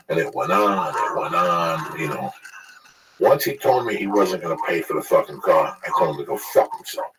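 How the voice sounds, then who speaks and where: A man in his sixties in casual chat, telling rambling, profane stories as a podcast host. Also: low-pitched. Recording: distant mic with loud background noise.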